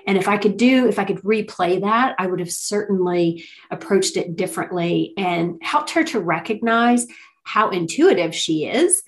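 A middle-aged woman speaks in an earnest, gentle way, giving a reflective motivational talk about self-worth. Her pitch sits in an ordinary middle range, and she often leans on small "you know" fillers as she talks. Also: low-quality recording.

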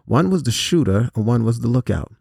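A man earnestly telling a personal story to students in a measured way, with pauses and fillers. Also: medium pitch, expressive, vocal fry, a little mellow, slightly rough, dry recording, clean studio sound. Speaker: host and speaker on violence prevention.

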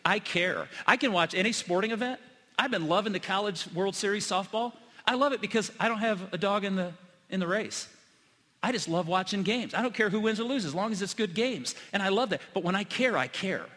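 A middle-aged man preaching a sermon to his church, telling personal stories earnestly and swinging between loud emphasis and hushed moments. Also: sits high, fairly quick. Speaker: pastor. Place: church sanctuary. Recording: long hall reverb.

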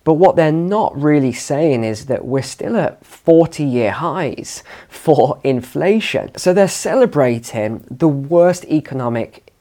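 A man's voice: on the high side, lively intonation, takes it slowly, mellow. Confident man lecturing on finance. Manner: confident, emphatic, lectures on numbers over emotion. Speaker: finance channel host. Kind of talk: direct-to-camera commentary. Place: home studio.

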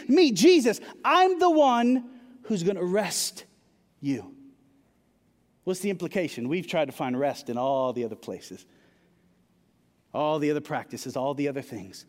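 High-voiced pastor preaching in a hall. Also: male voice. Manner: conversational preaching with repetitions and rising emphasis. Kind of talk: sermon. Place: church.

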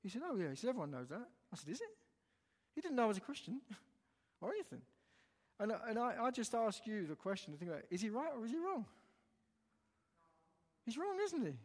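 A man's voice: extremely high pitch, huge pitch swings, a little fast, long pauses, a little mellow. A man preaching a sermon, telling a story animatedly and retelling the dialogue line by line. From England. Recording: long hall reverb.

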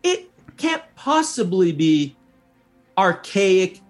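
A New man with a high, light voice talks in a loose podcast conversation, pressing his points with animated emphasis and plenty of restarts. Soft music runs faintly underneath. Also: extremely slow. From northern New Mexico. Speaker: state historian, podcast guest.

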